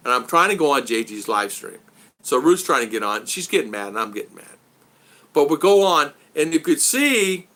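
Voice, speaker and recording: A man chatting casually on a livestream from outdoors, rambling and animated as he greets viewers by name. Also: medium pitch. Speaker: vlogger reading live chat. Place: outdoors in the Philippines.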